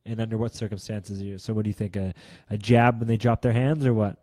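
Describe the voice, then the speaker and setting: A man's voice: lowish voice, fairly even intonation, fast, warm tone, dry recording. A man co-hosting a podcast, a former competitive athlete, talking in an easygoing, agreeable way with frequent "yeah". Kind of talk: casual podcast chat.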